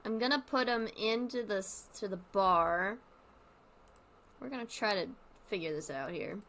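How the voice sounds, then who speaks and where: A woman's voice: medium pitch, a little slow, a bit bright. A woman streamer giving casual commentary while playing, rambling and thinking aloud with lots of fillers.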